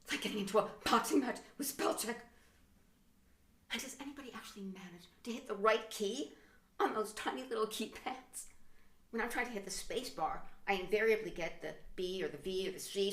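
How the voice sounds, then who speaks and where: A middle-aged woman performing a stand-up comedy monologue, theatrical, with sudden hushed whispers and mock outbursts. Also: mid-range voice, moderate pace. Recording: roomy echo.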